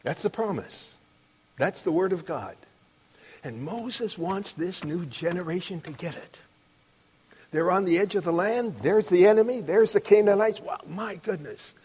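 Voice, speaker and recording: A middle-aged man preaching a sermon, emphatic, rising to loud declarations on the verses he quotes. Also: sits high, lively intonation, measured pace, husky. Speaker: pastor. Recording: long reverb of a large hall.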